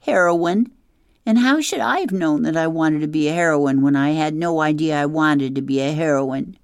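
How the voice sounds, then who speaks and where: A woman's voice: low-pitched, moderate pace, clear, resonant tone, dry recording, studio quality, voice pushed up. A woman voicing a dramatic young girl runaway who is fussy about grammar, speaking in an earnest, whiny way. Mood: insistent.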